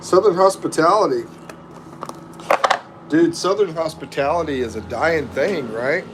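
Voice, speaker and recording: This middle-aged man's voice runs on the high side and a little slow, with background noise behind it. Hosting a laid-back livestream, he reads out viewer comments in a meandering drawl.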